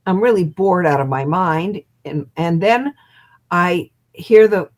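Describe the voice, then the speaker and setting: An older woman in her seventies, a hypnotist guest, telling an animated story over a video call. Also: lowish voice, slow pace. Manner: lively storyteller who acts out quotes and laughs.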